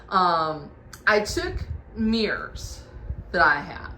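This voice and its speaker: A woman walks viewers through her newly decorated bedroom, chatting in a homey way about each piece she found. Her voice sits a touch low. The bedroom gives a noticeable echo, with a faint hum of background noise behind her. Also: expressive, drawn-out words, pushed and bright. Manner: chatty, homey, shows items one by one. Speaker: home decor vlogger. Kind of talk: casual room tour vlog. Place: bedroom at home. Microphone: camera on tripod.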